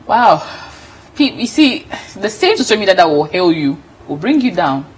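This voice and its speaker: A woman's voice: fairly low pitch, moderate pace, husky, poor audio. A woman co-hosting a TV entertainment show, chatting casually and reading out comments with frequent laughter. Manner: animated, laughs often, reads comments aloud. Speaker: TV show co-host.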